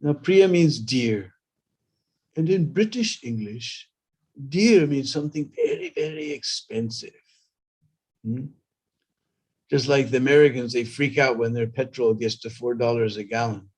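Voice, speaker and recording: A man's voice: mid-range voice, sing-song, measured pace, long pauses, darkish tone, slightly rough. A man preaching a storytelling sermon, talking conversationally and prompting listeners with "hmm?" and "huh?".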